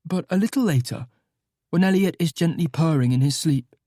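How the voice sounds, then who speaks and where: A man giving soft, wistful first-person audiobook narration. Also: on the high side, moderate pace, no room sound, studio quality.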